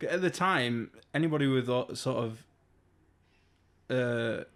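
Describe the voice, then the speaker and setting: A man's voice: mid-range voice, slow pace, a bit bright, clear, resonant tone. A young man with a Yorkshire accent, co-hosting a podcast and telling stories in a laid-back, jokey way. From Yorkshire, England. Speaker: podcast co-host. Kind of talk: casual chat.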